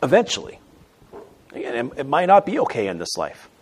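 Animated male preacher, lively delivery. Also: mid-range voice, fairly quick, breathy edge. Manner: emphatic, swings between loud stresses and quiet asides. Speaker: pastor. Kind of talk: sermon.

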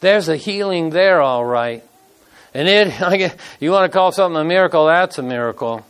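High-pitched older guy preaching, loose and folksy, tells stories like at a kitchen table. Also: lively intonation, normal speed, fairly bright tone, smooth. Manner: folksy, conversational, acts out quotes. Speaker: pastor. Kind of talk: casual sermon storytelling.

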